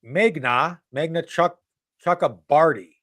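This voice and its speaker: A man's voice: fairly high pitch, unhurried, fairly bright tone. A man hosting a casual political talk show. He rambles and mocks, with many restarts and asides.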